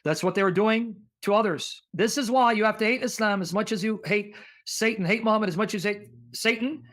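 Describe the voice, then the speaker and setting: A man hosting a livestream, reading passages aloud in a forceful, combative way and pressing the caller with questions. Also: high-pitched, brisk. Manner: forceful, combative, reads sources aloud, breaks into singing. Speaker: livestream host. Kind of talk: heated debate livestream.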